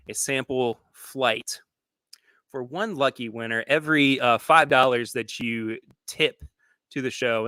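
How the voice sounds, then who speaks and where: A man's voice: mid-range voice, bright, forceful tone, clear, resonant tone, no room sound. A man hosting a casual live stream from his home studio, rambling, restarting his sentences and reading viewer comments aloud. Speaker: podcast host.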